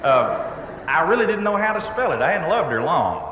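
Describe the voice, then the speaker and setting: A man from Texas with a Texan accent, telling a funny story to a live audience in a folksy, self-deprecating way with deadpan punchlines. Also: on the high side, normal speed. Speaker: storytelling humorist. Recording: echoey hall recording with faint noise.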